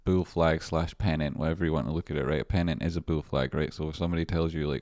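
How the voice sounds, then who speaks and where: Low-voiced man rambling through stock charts. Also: fast, hardly any pauses, a little mellow, no room sound, studio quality. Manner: rambling, profane, chatty asides to viewers. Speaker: trading livestream host. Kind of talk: casual live-stream chart commentary.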